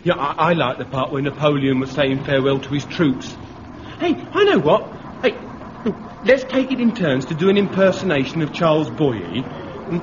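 An actor playing a naive, eager young soldier in a radio comedy. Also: male voice, on the high side, very animated, normal speed. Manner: eager, boyish. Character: naive eager young home guard private. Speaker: young home guard private. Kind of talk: 1960s radio comedy acting. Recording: muffled old radio recording with hiss.

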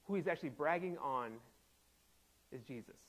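A man's voice: a little high, animated, moderate pace, a bit bright, poor audio. A man preaching a sermon as pastor, laughing often and acting out quoted voices playfully. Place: church sanctuary.

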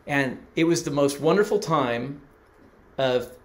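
A man's voice: fairly high pitch, a little slow. A middle-aged man preaching, telling a personal story and acting out the people he quotes. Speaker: pastor. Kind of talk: sermon.

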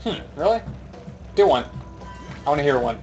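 A young man chatting casually while he streams a game, his voice sitting a little high. He jokes easily and drifts into a mock Scottish accent, with soft game music playing behind him. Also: big pitch swings, moderate pace, lo-fi sound. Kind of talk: casual gaming stream chat.

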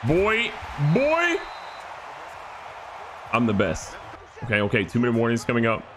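A man giving excited, joking gameplay commentary as a gaming YouTuber. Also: medium pitch, unhurried, background noise. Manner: animated, joking, trash-talking.

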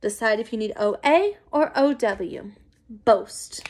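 A woman teacher giving a recorded phonics lesson to young children, encouraging and clear. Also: on the high side, animated, a little mellow. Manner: slow, clear, encouraging classroom pacing.

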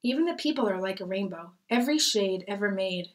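A woman's voice: medium pitch, animated, a little fast, lightly acted. A woman reading an admiring mother. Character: proud mother waiting at barbershop.

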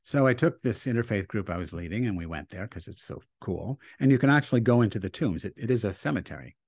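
A man, a rabbi, telling a story in a relaxed interview, animated and acting out the quotes he tells. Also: fairly low pitch, fast, breathy edge, no echo.

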